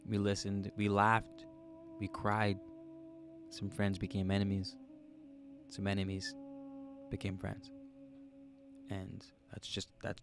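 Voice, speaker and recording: Reading viewer comments on his livestream, a man jokes around casually and thinks out loud in a relaxed way. He speaks slowly in a lowish, monotone voice with long pauses, over faint background music.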